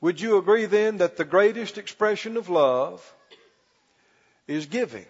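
A man preaching a sermon as pastor, stretching key words slowly and calling for the congregation to respond. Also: high-pitched, expressive, breathy edge. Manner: preaching with call-and-response, slow emphatic stretches. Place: church. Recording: muffled recording in a reverberant church hall.

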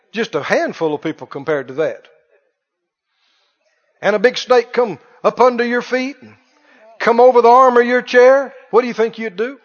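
A male preacher with a very high voice delivers a dramatic sermon in a large auditorium, stretching important words out slowly and firing questions at the congregation. The sound is dull and lo-fi, with a long reverb trailing behind him.

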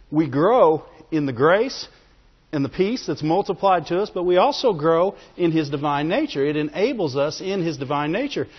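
Husky yet high-pitched, this pastor's voice carries a conversational sermon punctuated by laughter and calls for amens. The lo-fi recording is dull and reverberates as if in a large hall.

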